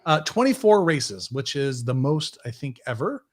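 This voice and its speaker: A man's voice: mid-range voice, sing-song, moderate pace. A man hosting a casual podcast, rambling and correcting himself as he goes. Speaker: podcast host.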